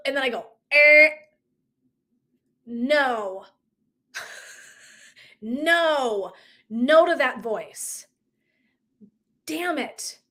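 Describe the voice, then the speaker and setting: Woman, wellness coach, casual live talk, animated, laughs often, slightly high voice.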